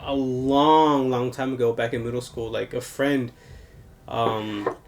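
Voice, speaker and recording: A man's voice: mid-range voice, fairly even intonation, takes it slowly, slight background noise. A young man co-hosting a podcast in casual chat, tired and rambling, swearing often. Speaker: podcast co-host.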